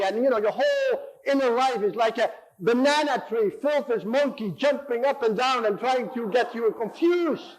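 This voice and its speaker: Impassioned high-voiced man preaching. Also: moderate pace, few pauses, poor audio. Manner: impassioned, repeating phrases, voicing inner dialogues in quotes. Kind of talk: sermon. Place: church.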